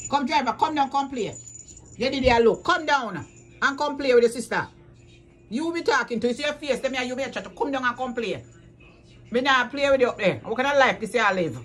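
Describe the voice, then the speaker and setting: A woman with a slightly high, somewhat bright voice vlogs while coaxing her cats to play. She talks to them casually in a sing-song way, repeating commands.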